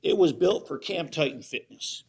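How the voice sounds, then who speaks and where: A man's voice: fairly high pitch, expressive, normal speed, creaky, slightly rough. A man giving public comment at a county hearing, worked up and insistent, repeating his complaints.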